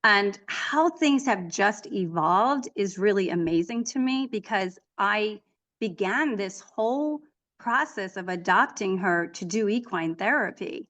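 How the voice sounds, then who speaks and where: A middle-aged woman, a guest author, chatting in an interview, telling stories in an animated way with frequent restarts. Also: medium pitch, measured pace, muffled recording. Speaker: author and equine therapist, guest. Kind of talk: casual interview conversation.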